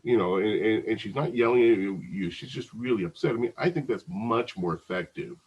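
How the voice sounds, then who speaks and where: A man's voice: lowish voice, lively intonation, moderate pace, darkish tone, husky, highs cut off. A man teaching a psychology lecture in a conversational way, often restarting and repeating words. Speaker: psychology instructor. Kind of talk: recorded lecture.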